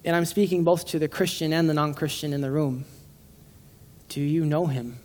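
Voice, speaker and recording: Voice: medium pitch, fairly even intonation, normal speed, darkish tone. A laid-back preacher addressing a congregation in a room, talking in an easy, joking way. The delivery is full of stumbles and restarts, with a voice that sits in a middle register. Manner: informal and joking, with frequent restarts. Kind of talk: casual conversational sermon.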